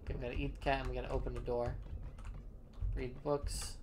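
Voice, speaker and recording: A woman's voice: a bass voice, level tone, fairly quick, background noise. A woman playfully reading out a text adventure game and typing commands, laughing often. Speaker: game streamer. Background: keyboard typing.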